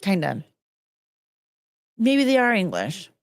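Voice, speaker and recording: A woman's voice: medium pitch, wildly swooping pitch, slow pace, no room sound. Woman podcaster, loose and rambling, musing aloud in casual chat, close dry mic. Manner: rambling, thinks out loud with rhetorical questions. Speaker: podcast host.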